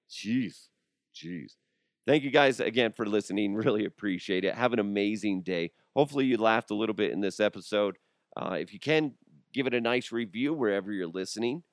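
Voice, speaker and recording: A man's voice: on the low side, dry recording, clean studio sound. A man in his thirties hosting a casual solo podcast, rambling and joking with restarts, his voice worn from being sick. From Colorado. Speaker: podcast host.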